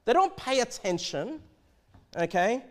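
A man preaching a verse-by-verse sermon, animated and often repeating and restarting his words. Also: very high-pitched, a little slow. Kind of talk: expository sermon.

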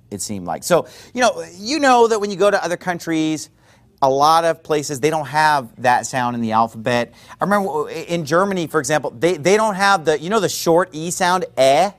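A man preaching a sermon in a conversational, digressive way with quick rhetorical asides. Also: a little high.

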